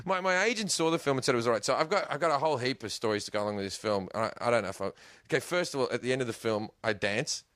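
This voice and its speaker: A man's voice: medium pitch, very fast, hardly any pauses, a bit bright, no echo, studio quality. An Australian man, a guest comedian, telling rambling stories in casual podcast chat, swearing and laughing often.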